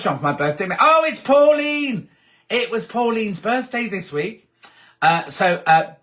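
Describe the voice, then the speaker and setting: A man hosting a sewing livestream, chatting casually and reading out viewer comments with animated asides. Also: fairly high pitch.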